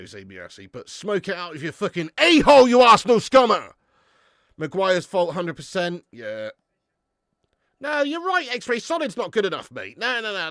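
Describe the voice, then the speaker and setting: A man hosting a live football watch-along, swearing freely, getting excited and reading out viewer comments. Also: high-pitched, no room sound, studio quality. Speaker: fan channel host.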